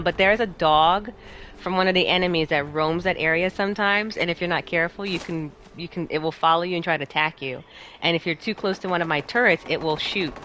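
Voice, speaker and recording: A young woman streaming a game, chatting casually with her chat and a friend, bubbly and quick to laugh. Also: on the low side, a little hiss or hum. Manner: bubbly, giggly, animated, talks to chat. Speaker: streamer and host. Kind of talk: casual chat while playing a game live.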